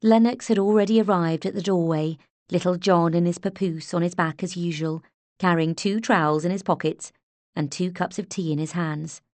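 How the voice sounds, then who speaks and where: A woman narrating an audiobook in a measured, unhurried way, close to the mic. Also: lowish voice, steady tone, darkish tone, no echo. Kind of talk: scripted narration.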